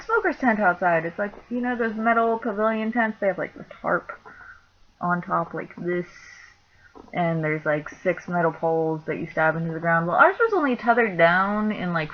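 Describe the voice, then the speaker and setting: Chatty young woman, lo-fi recording. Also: mid-range voice. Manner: chatty, laughing, lots of "like" fillers. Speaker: vlogger. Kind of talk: casual storytelling vlog. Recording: dull lo-fi sound with faint noise.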